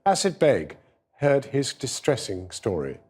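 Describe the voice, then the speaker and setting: A male news presenter introducing a report in a formal, steady read. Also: medium pitch, unhurried, slightly rough.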